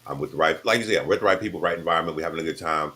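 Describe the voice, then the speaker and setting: Laid-back man co-host, very low voice with a bright edge, plain-spoken casual chat. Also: very fast.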